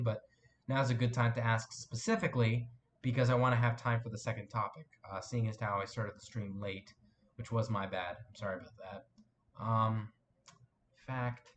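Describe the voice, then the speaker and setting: A young man streaming from his desk, talking in a middle-range voice as he reads out viewer questions. He rambles, stops to correct himself and drifts off with fillers. A faint hiss sits under his voice. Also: mid-range voice. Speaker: live stream host. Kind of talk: casual live-stream chat reading viewer comments.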